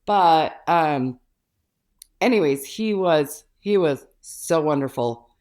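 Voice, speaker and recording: A young woman, a podcast guest, chatting casually over a remote call and telling her story with animated, acted-out quotes. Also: low voice, slow. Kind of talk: casual chat.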